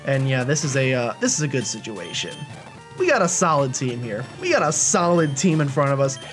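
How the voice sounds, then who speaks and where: Man, let's play host, casual gameplay commentary, chatty and jokey, animated pitch, faint game music behind. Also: brisk. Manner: chatty, jokey, rambling with fillers.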